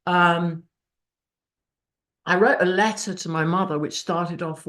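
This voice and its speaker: A woman's voice: lowish voice, steady tone, slow, pauses often, fairly bright tone. A woman giving a raw, emotional personal testimony over a video call, swearing freely. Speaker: speaker sharing her recovery story. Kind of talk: personal testimony at a support meeting.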